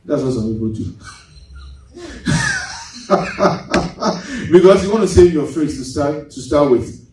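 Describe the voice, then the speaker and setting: A man preaching a sermon as pastor, lively, going from loud to hushed and laughing as he tells stories. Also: on the high side. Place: church. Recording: echoey church hall, mic at a distance.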